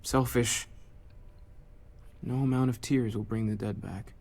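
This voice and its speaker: A man playing a solemn, flat-voiced mourner. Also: medium pitch, measured pace, close to an everyday voice. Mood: somber. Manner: quiet, philosophical. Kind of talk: video game dialogue.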